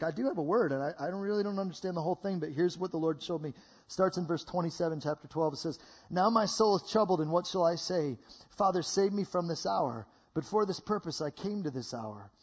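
A man preaching a lively sermon to a congregation, acting out voices and laughing between lines. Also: a little high, slightly rough, muffled recording. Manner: animated, acts out voices, laughs often. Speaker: guest preacher. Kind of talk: energetic sermon.

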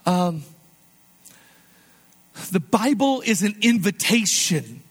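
A man with a fairly high voice preaching a sermon. His delivery is conversational and animated, swinging between emphatic rises and soft, quiet asides. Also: unhurried. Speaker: pastor.

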